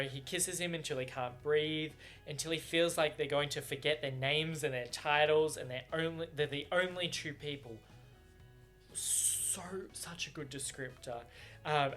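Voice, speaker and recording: A man's voice: a little high, pushed and bright. A man chatting casually on camera about a book he is reading, bubbly and giggly, with many fillers and restarts. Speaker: book reviewer. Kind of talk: casual book reaction chat. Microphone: camera mic.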